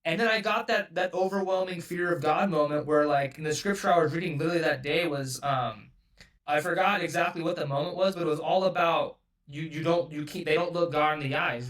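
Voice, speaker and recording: A man's voice: a little high, steady tone, brisk, fairly bright tone, far from the mic. A man from California telling a story as a podcast guest, loose and rambling, swearing often and filling every gap with "like". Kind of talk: casual storytelling.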